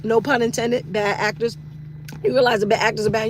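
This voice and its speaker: A middle-aged woman with a bright, high voice rants for laughs on a live stream. She swears freely, loops back on her own phrases and acts out little asides as she goes, with faint noise under her. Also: normal speed. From East New York, Brooklyn. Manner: animated, profane, riffing with repeats and acted-out asides. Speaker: comedian hosting a live stream talk segment. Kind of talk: casual comedic rant.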